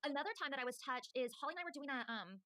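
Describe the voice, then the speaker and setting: A woman's voice: high-pitched, no room sound, studio quality. A woman in casual chat, telling a story with lots of fillers. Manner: rapid, animated, many fillers. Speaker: podcast co-host telling stories.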